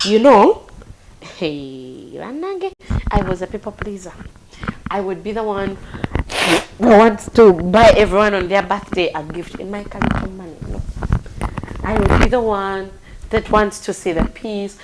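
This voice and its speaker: A Ugandan woman hosting a live talk show, speaking in a heartfelt, animated way with big swings in pitch and loudness. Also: measured pace, background noise. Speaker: radio and online talk show host.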